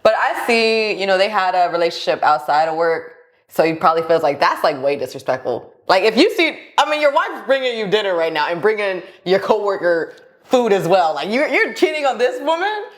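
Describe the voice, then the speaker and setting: A woman's voice: mid-range voice, big pitch swings, a little fast. A woman co-hosting a casual reaction chat, reasoning aloud and cutting in with her points. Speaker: co-host.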